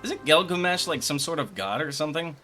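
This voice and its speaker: A man's voice: a little high, lively intonation, a little fast, bright, forceful tone, faint music behind. A man streaming a game, making casual, joking and profane asides. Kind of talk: casual gameplay commentary.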